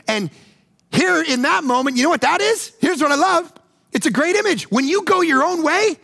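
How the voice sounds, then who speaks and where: Animated, gravelly male pastor preaching. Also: extremely high pitch, moderate pace. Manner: animated, swings from loud mock voices to hushed calm. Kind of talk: sermon.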